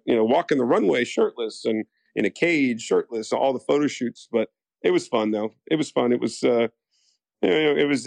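A man's voice: mid-range voice, gravelly, darkish tone, no echo. A young American man, a soap actor, telling stories in a casual interview, rambling with lots of fillers and acting out quotes. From United States. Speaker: soap opera actor guest.

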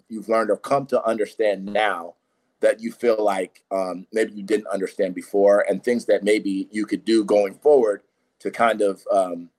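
A man co-hosting a podcast, asking an earnest, measured question and often tagging "right?". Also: lowish voice, a little mellow. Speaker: podcast co-host. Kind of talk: interview questions.

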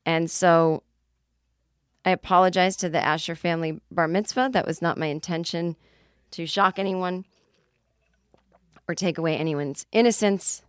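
A woman podcast host in her forties telling a story in a casual monologue, animated and with sudden shrieks. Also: on the low side, moderate pace, long pauses, clear, resonant tone, no room sound, clean studio sound.

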